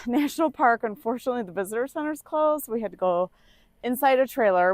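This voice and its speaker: A woman's voice: medium pitch, no room sound. A woman vlogging a road trip in a casual, chatty way, full of exclamations and the filler "like". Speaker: travel vlogger. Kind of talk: casual travel chat. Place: traveling by car.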